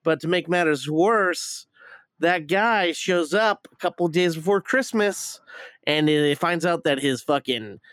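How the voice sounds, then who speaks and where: A man's voice: on the high side, unhurried, fairly bright tone, dry recording. Rambling, profane man with a close, dry voice. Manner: rambling, profane, stumbling restarts. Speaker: podcast co-host reviewing a movie. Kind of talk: casual chat.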